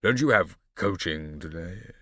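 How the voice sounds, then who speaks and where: A man reading an audiobook, voicing a tall, cold rich father who speaks slowly, bored and dismissive. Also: sits low, expressive, fairly bright tone, slightly rough, no echo, studio quality, heavily acted.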